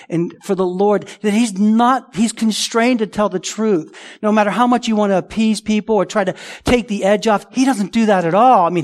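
A man preaching a sermon as pastor, conversational and emphatic, often asking the congregation rhetorical questions. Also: sits high.

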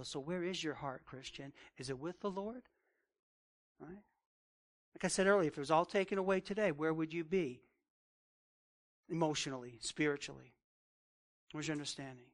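A man delivers a sermon in a fairly high voice. He reads passages aloud, then talks them through in a loose, conversational way, often checking in with his listeners. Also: moderate pace, pauses often. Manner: conversational preaching with direct questions to the congregation. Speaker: pastor.

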